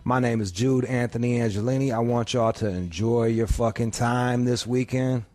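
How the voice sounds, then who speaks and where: A man's voice: medium pitch, fairly even intonation, moderate pace, no echo. A man hosting a radio show, riffing in a crude, profanity-laden, joking way. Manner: profane, loud, laughing. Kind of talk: crude comedic radio banter.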